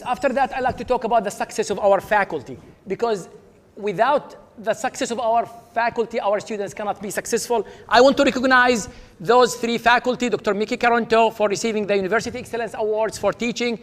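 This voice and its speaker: High-voiced man hosting an awards ceremony. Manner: upbeat, leads applause, names honorees. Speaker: dean presenting awards. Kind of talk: ceremony speech. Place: large auditorium. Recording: reverberant auditorium with audience.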